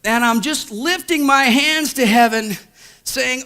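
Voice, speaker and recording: A man in his thirties, a pastor, telling a story in a sermon, swinging from hushed to loud. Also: extremely high pitch, normal speed.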